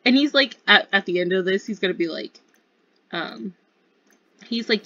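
A woman's voice: mid-range voice, normal speed, pauses often, bright, forceful tone, no echo. A young woman giving chatty, giggly commentary on her own gameplay. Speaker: gaming video creator. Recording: slightly dull lo-fi sound.

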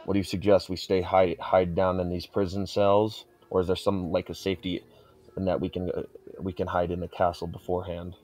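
A tabletop player speaks in character, his low, slightly mellow voice brisk and fairly monotone. He's stern and threatening and keeps starting his sentences over.

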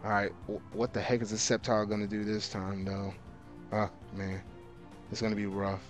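A man hosting a let's play of a video game, grumbling in casual slang and breaking into loud, exasperated outbursts as the battle turns against him. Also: on the low side, flat delivery, normal speed, over music. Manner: casual slang, repeats himself. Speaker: gaming video host.

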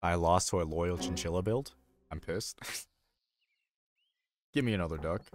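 A young man with a low, deep voice talks through his game live at a desk mic, loose and rambling. He thinks out loud and pokes fun at his own mistakes. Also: measured pace, background noise. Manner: rambling, self-deprecating, thinking aloud. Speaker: streamer playing a video game. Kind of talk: casual live gameplay commentary. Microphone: desk microphone.

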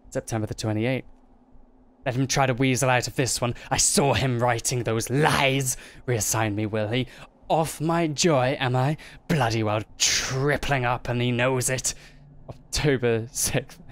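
A man's voice: medium pitch, unhurried, close to an everyday voice. A man reading aloud as a paranoid male diarist who is losing his grip, muttering his suspicions.

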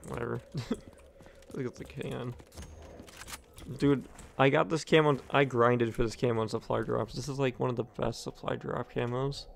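A man's voice: mid-range voice, vocal fry, slight background noise. A young man giving casual, profane commentary as he plays a video game, talking offhand to himself. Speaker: gaming commentator.

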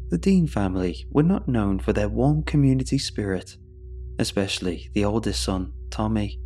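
A man narrating a scripted horror story in a steady, measured way. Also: fairly low pitch, a little hiss or hum.

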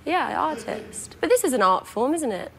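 A woman's voice: sits high, big pitch swings, moderate pace, creaky, fairly bright tone. An English woman appearing as an actress guest on a late-night show, chatting and teasing back with a giggle. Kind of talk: talk show interview banter. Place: TV studio.

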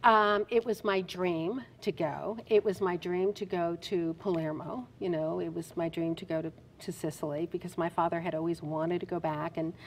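A middle-aged woman from New Jersey, telling stories as an interview guest in an animated, emphatic way. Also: on the low side, moderate pace, hardly any pauses, a little hiss or hum. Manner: animated storyteller, expressive and emphatic. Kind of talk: casual interview chat.

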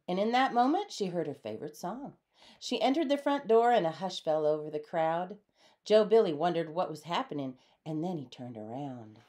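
A woman reading a storybook aloud in a lively way, changing her voice for the characters. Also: on the low side. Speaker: storybook reader. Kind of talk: read-aloud storybook narration.

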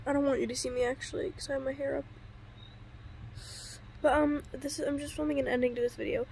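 Young female vlogger, high-pitched and a little under the weather, chatty and self-correcting, filmed on a phone at home. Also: level tone, fast, gravelly, darkish tone, slight background noise. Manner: rambling, self-correcting, filler-heavy. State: sick. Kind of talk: casual vlog chat.

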